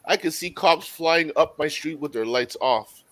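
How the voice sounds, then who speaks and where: A man on a casual panel podcast, telling a personal story in a relaxed way. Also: fairly high pitch, unhurried, low-quality recording. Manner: laid-back anecdotal storytelling.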